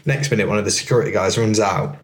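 A man's voice: lowish voice, fast. A young man telling a rambling story as a podcast guest, full of fillers. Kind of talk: casual podcast chat.

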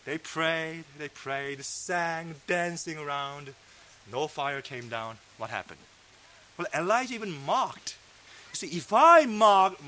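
A man preaching a sermon, fervent and emphatic, sometimes dropping to a low hush. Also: a little hiss or hum. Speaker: pastor. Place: fellowship meeting hall.

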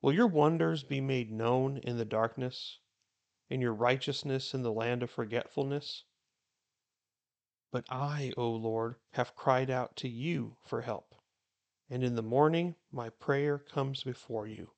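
A man praying aloud and then reading scripture in a slow, measured way. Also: medium pitch, vocal fry. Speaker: Bible reading host.

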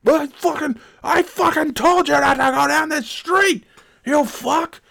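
A man's voice: a little slow, vocal fry, a bit bright, heavily acted. A man voicing a furious preppy young college man who screeches and swears. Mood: shouting. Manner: screeching, profane, high-pitched rant.

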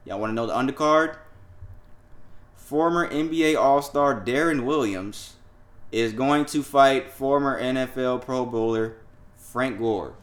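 A man hosting a casual sports and pop-culture podcast, profane and laughing, swinging between loud and quiet. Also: mid-range voice, measured pace. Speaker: podcast host.

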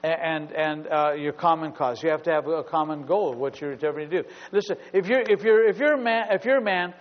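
A man's voice: on the high side, brisk. A middle-aged male pastor preaching a sermon with humor, acting out little scenes in asides. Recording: dull sound with long hall reverb.

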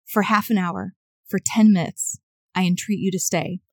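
A reckless young gentleman of the old gentry, tipsy and insistent, pressing his case with theatrical urgency, as a woman reads him aloud. The voice sits at an ordinary middle pitch, and the recording is close and dry. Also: moderate pace, dry recording, natural voice. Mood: urgent. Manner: dramatic period-novel reading. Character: brash charming young gentleman rake, drunk.

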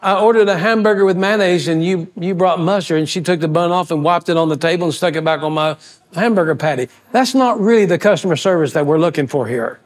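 A man preaching a sermon as pastor, telling folksy, animated stories and acting out the voices of people in them. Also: high-pitched, fast talker. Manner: folksy, animated storyteller who acts out quoted voices. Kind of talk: storytelling sermon.

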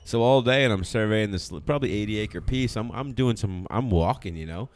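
His voice is on the low side and fairly quick as he co-hosts a podcast. In casual conversation he spins a profane, rambling story, laughing through it.

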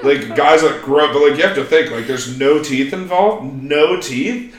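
A man's voice: on the high side, moderate pace, reverberant, distant mic, a crowd in the background. A man hosting a casual podcast chat, playful and teasing, laughing often. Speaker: podcast host.

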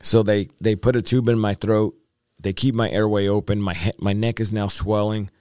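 A man's voice: on the low side, little pitch movement, moderate pace, mellow, clean tone, no echo, studio quality. A male evangelist, the interview guest, tells his story in an earnest, rambling way with repeated phrases and fillers. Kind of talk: testimony in a podcast interview.

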